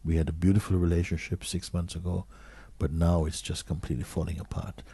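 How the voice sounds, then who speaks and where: Deep soft-spoken man giving a spiritual talk. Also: little pitch movement, creaky, breathy edge, no echo. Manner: slow, questioning, drops to a near whisper. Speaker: spiritual teacher.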